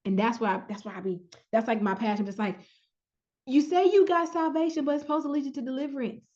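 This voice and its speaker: Lively woman leading a Bible study. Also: high-pitched, quick pace, highs cut off. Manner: animated, acts out dialogue with laughter. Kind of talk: casual Bible study teaching.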